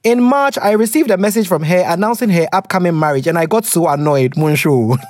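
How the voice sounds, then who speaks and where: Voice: mid-range voice, expressive, fast talker, dry recording, studio quality. A podcast co-host with a Ghanaian English accent, reading a listener letter aloud and teasing it in casual chat, slipping into Twi.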